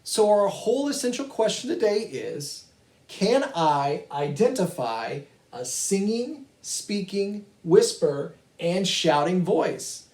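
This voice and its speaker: A man's voice: sits high, sing-song, takes it slowly, a little mellow. A male music teacher giving a virtual kindergarten lesson, patient and encouraging as he talks to young children and their families. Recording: echoey room.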